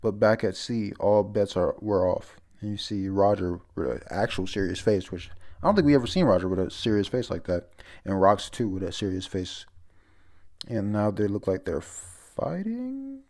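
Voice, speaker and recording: A man's voice: lowish voice, sing-song, moderate pace, a little mellow. A man casually recapping a comic chapter as he reads, rambling with lots of fillers and self-corrections. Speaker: comic reviewer.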